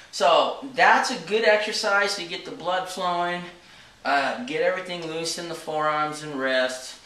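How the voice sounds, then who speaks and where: Guy teaching drums, kinda high bright voice, keeps saying okay, sounds off-mic in a roomy studio. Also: recorded from a distance. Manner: explains step by step, checks in with frequent "okay?". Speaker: drum teacher. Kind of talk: casual instructional talk. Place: drum studio. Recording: echoey room from off-mic.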